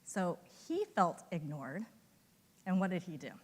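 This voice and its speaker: A woman giving a conference talk as an animated storyteller who acts out the voices of colleagues she quotes. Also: on the low side, measured pace, big-room sound. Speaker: conference speaker. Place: hotel conference ballroom.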